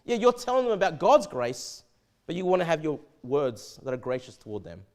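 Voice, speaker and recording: A man with an Australian accent preaching a sermon in a church, conversational and animated, often stammering and restarting his sentences. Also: on the high side, a little fast. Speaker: pastor.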